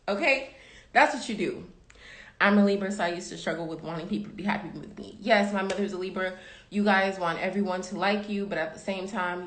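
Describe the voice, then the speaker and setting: A woman's voice: mid-range voice, a bit bright. A young adult woman hosting a tarot reading livestream, chatting casually and emphatically to her viewers, calling them baby and y'all. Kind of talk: casual motivational chat to live viewers. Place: room at home. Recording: roomy echo.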